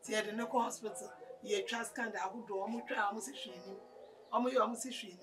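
An actress with a Ghanaian accent playing a wife in a film drama, talking in a pleading, emotional way. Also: female voice, mid-range voice, fairly even intonation, fast talker, lightly acted. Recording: distant mic with music over it.

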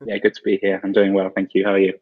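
A man with an English accent, a developer guest explaining in a measured, precise way. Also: sits low, monotone, narrow, tinny audio.

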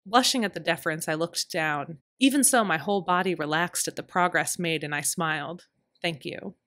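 A woman reading a historical romance audiobook in first person, in a measured storytelling manner. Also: lowish voice, a bit bright, no room sound, studio quality. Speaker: author and audiobook narrator.

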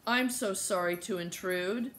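A woman voicing a shy older man who speaks very softly and hesitantly in an audiobook. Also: medium pitch, measured pace, slight background noise, natural voice. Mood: timid. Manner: very soft, hesitant, faint.

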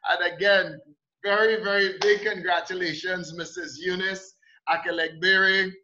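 A man's voice: high-pitched, fairly even intonation, measured pace, pushed and bright, slight background noise. A man hosting an online seminar call, enthusiastic and exclamatory. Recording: dull lo-fi call audio.

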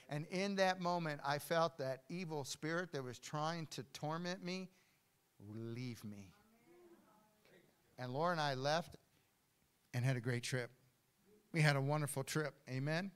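An older man preaching a sermon as pastor in a church, swinging from hushed storytelling to loud declarations. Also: on the high side, measured pace, long pauses, clear, resonant tone. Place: church hall.

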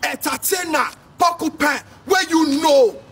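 An unhurried but loud, high-voiced Nigerian man from Edo State delivers ranting commentary in Nigerian Pidgin English. He shouts and scolds in a sing-song manner, recorded on a distant mic with faint noise.

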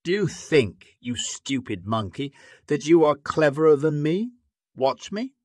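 A man reading a graded-reader story, voicing a boastful, cruel male lion in a loud, threatening voice. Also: a little high, sing-song, a little slow, no room sound, clean studio sound, voice pushed up.

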